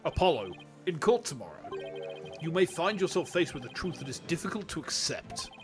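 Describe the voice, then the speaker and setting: A man voicing a gruff, fatherly older leader, speaking low, solemn and measured. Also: very animated, faint music behind.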